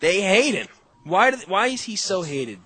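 A young man hosting a podcast on a call, telling animated, profane stories in casual chat. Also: high voice, normal speed, no room sound. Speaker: podcast host.

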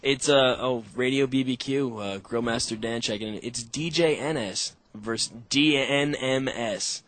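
A man's voice: medium pitch, unhurried, a bit bright, no echo. Profane, rambling male podcast host. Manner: profane, rambling, laughing often. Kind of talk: casual chat. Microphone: call-in setup with echo.

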